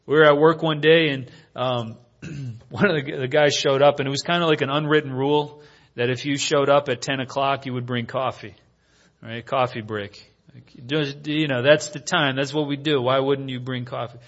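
A man's voice: medium pitch, fairly even intonation, normal speed, a bit bright. A man preaching a sermon in an earnest, storytelling way that is full of rhetorical questions. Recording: dull lo-fi recording.

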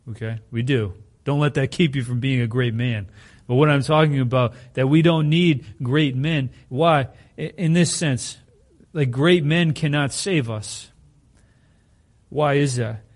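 Speaking at a medium pitch, this male pastor preaches in a conversational manner and often turns rhetorical questions toward his congregation.

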